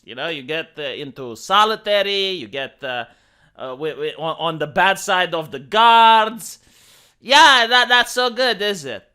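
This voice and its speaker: A man's voice: high voice, bright, forceful tone. A man from Romania with a Romanian accent, ranting through sarcastic political commentary in a mocking, exasperated way. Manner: mocking, exasperated rants with put-on voices. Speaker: commentary streamer.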